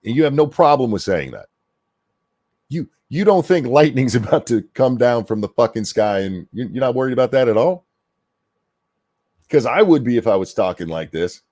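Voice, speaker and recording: A man's voice: mid-range voice, sing-song, normal speed, a little mellow, dry recording. A man hosting a ranting reaction commentary, profane, sarcastic and berating. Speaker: commentary host.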